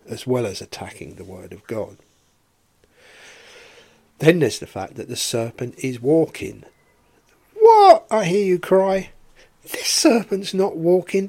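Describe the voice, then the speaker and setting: A man's voice: lowish voice, vocal fry, breathy edge. A man teaching a Bible study in a podcast, explaining verse by verse and posing rhetorical questions.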